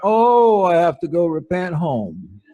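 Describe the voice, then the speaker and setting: A man voicing an older church matriarch who primly scolds her pastor in a drawn-out, pious tone. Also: sits high, huge pitch swings, warm tone, lo-fi sound, heavily acted. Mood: scolding.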